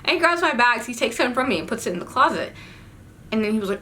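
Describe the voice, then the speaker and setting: Animated young woman telling a story. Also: a little high, fast talker, a little hiss or hum. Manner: animated, swearing, slangy storytelling with sudden outbursts. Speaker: vlogger. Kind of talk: casual storytime.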